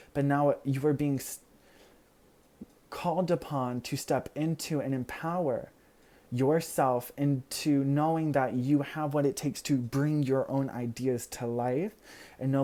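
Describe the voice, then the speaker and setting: With a dark tone at middle pitch, a tarot card reader offers the viewer a heartfelt, reassuring pick-a-card reading, leaning heavily on "you know." Now and then a word slips away, and the reader laughs it off.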